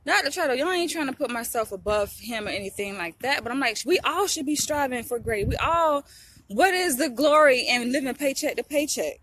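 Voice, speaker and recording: A woman's voice: high-pitched, expressive, fairly quick, a bit bright, a little hiss or hum. A young woman, vlogging to camera in a blunt, preachy way, often asking if you get what she's saying. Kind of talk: casual talk to camera.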